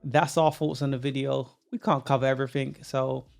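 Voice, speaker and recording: A man's voice: mid-range voice, little pitch movement, a little fast, creaky, darkish tone, soft background music. A man co-hosting a casual opinion podcast, talking emphatically and often repeating himself. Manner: emphatic, repeats himself, frequent agreeing hums. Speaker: podcast co-host.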